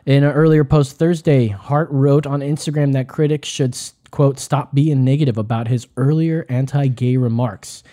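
A man's voice: mid-range voice, steady tone, moderate pace, hardly any pauses, dark tone. A man co-hosting a casual podcast, reading news stories aloud with stumbles and joking asides. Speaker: podcast co-host.

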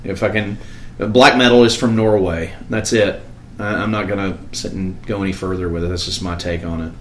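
A man's voice: sits low, fairly even intonation, normal speed. Profane, blunt man ranting in an echoey room. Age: older. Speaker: podcast co-host. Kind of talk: casual chat. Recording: echoey room with faint noise.

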